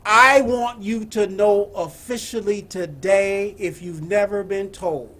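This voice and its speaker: A man giving a spiritual message, slow and emphatic, repeating his phrases. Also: high-pitched, steady tone, a bit bright. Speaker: spiritual teacher.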